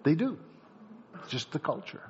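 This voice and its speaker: In a slightly high voice at a normal pace, a male preacher acts out a story scene by scene and calls out to his congregation with lively energy. Expect slight background noise and dull, lo-fi sound.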